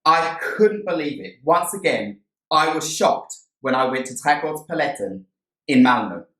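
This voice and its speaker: A man vlogging about a plant he bought, gushing and excited as he tells the story and shows it off. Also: fairly high pitch, measured pace. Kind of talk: casual haul video. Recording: roomy sound from a distant mic.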